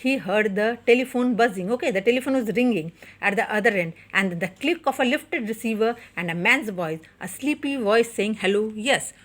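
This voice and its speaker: Woman teacher, Indian English accent, reads then paraphrases, keeps saying okay, fairly high voice. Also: expressive, a little fast, hardly any pauses. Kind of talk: reading a story aloud and explaining it to a class.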